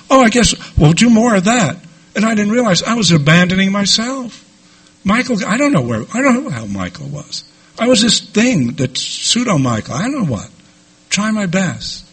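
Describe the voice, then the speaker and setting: Middle-aged New man, husky and raspy, candid storyteller at a recovery meeting, slightly high voice. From New York. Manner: candid storytelling with lively asides. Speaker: recovery speaker. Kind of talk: personal recovery talk to a group.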